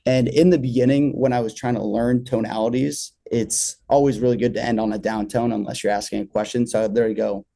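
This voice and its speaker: A man's voice: medium pitch, steady tone, fairly quick, creaky, hardly any pauses, dark tone. A man talking as a podcast guest about selling insurance in a laid-back, easygoing casual chat.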